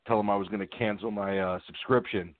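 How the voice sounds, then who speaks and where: A man hosts a casual sports podcast, telling loose, joking stories and swearing now and then. His voice is fairly low and steady and he speaks briskly, over a dry, phone-like line with slight background noise.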